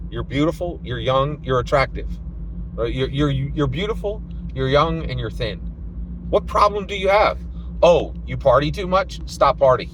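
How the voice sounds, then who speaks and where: A man putting on the voice of a blunt, flippant male movie reviewer who speaks a little louder and higher. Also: animated, moderate pace, a little hiss or hum, natural voice, low-quality recording.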